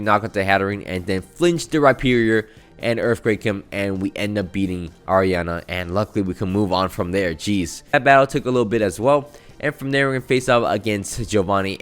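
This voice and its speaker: Low-voiced man recapping a game run. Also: a little fast, faint music behind. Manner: chatty, self-mocking, rattles through battle moves. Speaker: gaming channel host. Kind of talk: casual gameplay recap commentary.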